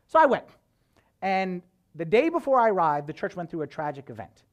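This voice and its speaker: A man, a priest, preaching a sermon as a conversational, animated story full of casual fillers. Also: high voice, fairly quick.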